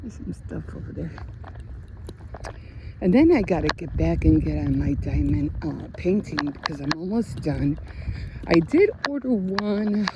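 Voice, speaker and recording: A woman's voice: fairly low pitch, sing-song, unhurried, noisy background. A middle-aged woman vlogging in a rambling, chatty way, often restarting her sentences. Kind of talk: casual vlog chat.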